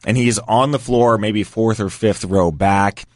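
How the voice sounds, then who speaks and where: A man's voice: on the low side, unhurried, darkish tone. A man casually telling a story, acting out other people's lines. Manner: anecdotal, acts out quotes. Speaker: guest.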